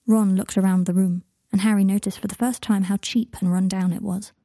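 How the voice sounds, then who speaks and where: A woman narrates an audiobook in a steady, even manner. Her voice is husky and mellow, with a dry, close sound. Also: medium pitch, a little fast, no room sound.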